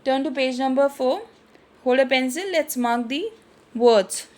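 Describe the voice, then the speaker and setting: A woman's voice: high voice, a little slow. A woman teacher with an Indian English accent, giving an online literature lesson and reading a story aloud with vocabulary instructions. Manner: instructive, repeats phrases, frequent restarts.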